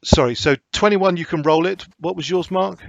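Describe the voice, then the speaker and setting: A man's voice: high voice, moderate pace, vocal fry. Hesitant man running a game. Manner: hesitant, many ums and restarts. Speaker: game master. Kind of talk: narrating a tabletop horror game. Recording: dry, slightly dull lo-fi recording.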